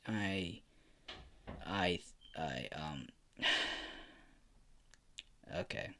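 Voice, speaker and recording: A man's voice: low voice, lively intonation, drawn-out words, a bit bright, a little hiss or hum, pitched below the performer's own voice, heavily acted. A man voicing a weary male teacher who stammers, hesitates and sighs. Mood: flustered.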